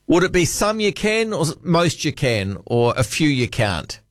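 A man's voice: a little high, big pitch swings, normal speed, no echo, clean studio sound. A man hosting late-night talkback radio in a chatty, musing way, reading out listener texts. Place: radio studio.

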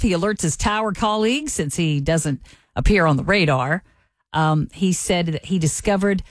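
A woman's voice: medium pitch, no echo. A woman co-hosting a morning radio show who shares a light news story with plain enthusiasm. Her delivery is upbeat and close to the mic in a dry studio. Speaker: radio co-host.

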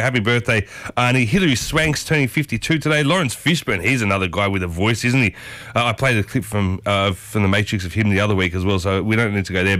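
A man hosts a breakfast radio show from the studio. He is chatty and upbeat and talks straight to his listeners. His voice sits in a middle pitch and sounds close and dry. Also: a bit bright, no echo. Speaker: radio host.

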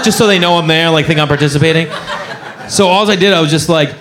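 A man doing stand-up comedy, telling a story and acting out every character's voice with animated swings. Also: on the high side, fast talker.

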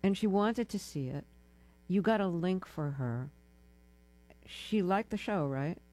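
Older woman host, mellow voice. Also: on the low side, animated. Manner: measured, probing questions. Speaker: radio interview host. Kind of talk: in-depth studio interview. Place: studio.

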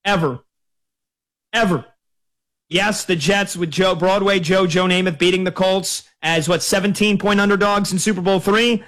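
A man's voice: high-pitched, steady tone, normal speed, a bit bright. A man hosting a sports radio call-in show, talking in a chatty, conversational way.

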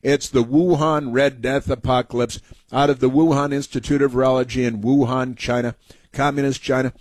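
A man's voice: mid-range voice, steady tone, moderate pace, no echo. A man hosting a talk show, giving combative, rambling political commentary with frequent fillers.

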